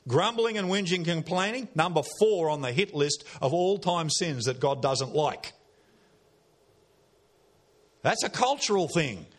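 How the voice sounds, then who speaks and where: A man's voice: on the high side, lively intonation, normal speed. An Australian man preaching a sermon in a church, folksy and conversational, with repeated phrases and questions to the congregation.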